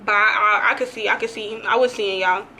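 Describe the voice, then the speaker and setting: A woman's voice: medium pitch, a little fast, noisy background. A young woman vlogger telling a dramatic, slangy story in a casual storytime. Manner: animated, slangy, dramatic retelling.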